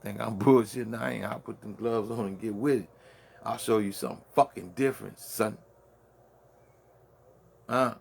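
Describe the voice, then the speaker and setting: A man's voice: on the low side, fairly even intonation, normal speed, gravelly, pauses often, husky. A man with a Brooklyn accent hosting a late-night solo rant from his man cave, full of boastful, profane trash talk. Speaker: host.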